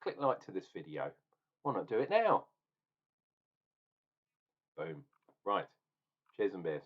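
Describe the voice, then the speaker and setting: A man's voice: sits low, huge pitch swings, slow, highs cut off. A man ranting and tasting beer in a casual review vlog, opinionated and swearing now and then.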